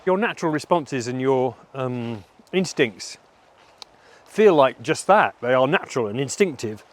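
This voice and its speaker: A middle-aged man talks through a personal vlog monologue in a candid, self-reflective way. His delivery is halting, and his voice sits at an ordinary middle pitch. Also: lively intonation. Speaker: vlogger.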